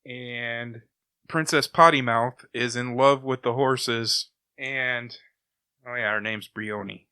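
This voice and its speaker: A man co-hosting a comic book podcast, retelling a story in an animated, casual way with chuckles. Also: medium pitch, slow, clear, resonant tone. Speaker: podcast co-host reviewing comics. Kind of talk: casual chat.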